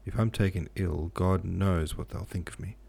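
Audiobook: man voicing a shy, faltering young man, low gravelly voice. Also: moderate pace, dark tone, exaggerated voice. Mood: timid. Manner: weak, faltering. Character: timid frightened young man, seminary applicant.

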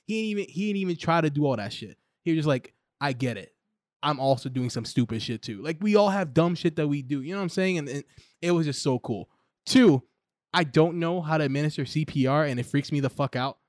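A young man in casual podcast chat, excited and profane, rambling with lots of "like"s. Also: fairly high pitch, fast talker, no echo, clean studio sound. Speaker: podcast co-host. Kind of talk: casual chat reviewing a show.

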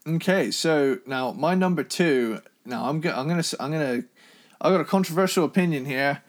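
A man's voice: on the high side, moderate pace. A man co-hosting a podcast in casual chat, enthusiastic and swearing casually as he gives his opinions. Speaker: podcast co-host.

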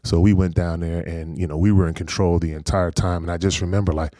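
Low-voiced man telling easygoing stories. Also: fast talker, few pauses, dry recording, clean studio sound. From North Carolina, USA. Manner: easygoing, animated anecdotes with frequent laughs. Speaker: former pro football player, guest. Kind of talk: casual storytelling interview.

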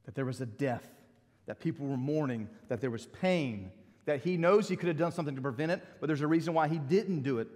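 Animated preaching man in a reverberant hall. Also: fairly high pitch, brisk. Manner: animated, conversational preaching with asides. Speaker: pastor. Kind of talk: sermon.

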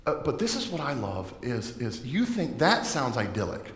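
A man preaching a sermon to his congregation, talking in a loose, joking way. His voice sits at an ordinary middle pitch. It rings out through a large hall with a long, echoing reverb. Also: wildly swooping pitch, moderate pace, hardly any pauses. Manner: conversational, joking delivery. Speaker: pastor.

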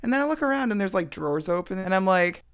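A young woman chatting casually, telling an animated story and acting out the lines she quotes. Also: mid-range voice, fast talker, clean tone. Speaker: co-host. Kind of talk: casual chat.

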